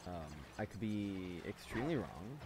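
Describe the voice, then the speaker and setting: Very animated yet at a normal pace, this man's lowish, slightly mellow voice carries over slight background noise. He's a gaming channel host doing let's play commentary, cursing in frustration as he talks to himself.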